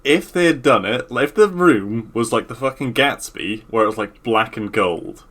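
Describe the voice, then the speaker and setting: Bright-voiced laid-back male co-host. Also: mid-range voice, animated, normal speed, a little hiss or hum. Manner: laid-back, trailing off, swears casually. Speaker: podcast co-host. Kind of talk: casual chat.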